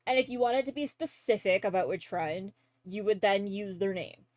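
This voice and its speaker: A woman's voice: medium pitch, normal speed, darkish tone, dry recording. Chatty Canadian woman, dry close mic. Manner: rambling, filler-heavy, laughs easily. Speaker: streamer. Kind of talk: casual chat while drawing on stream.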